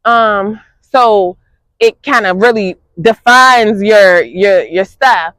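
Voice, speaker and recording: A young woman, chatting casually to her viewers in an animated way, laughing often. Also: mid-range voice, slow pace, no echo. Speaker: fitness vlogger. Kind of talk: casual vlog chat to viewers.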